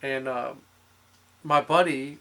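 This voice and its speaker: A man hosting a podcast, joking loudly in casual chat. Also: medium pitch, steady tone, slow pace. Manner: loud, joking. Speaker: podcast host.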